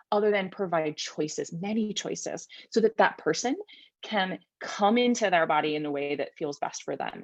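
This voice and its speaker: Soft-spoken woman giving a dry, close webinar talk. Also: lowish voice, no echo. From Virginia, USA. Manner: thoughtful, gentle, frequent tag questions. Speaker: vocal wellness presenter.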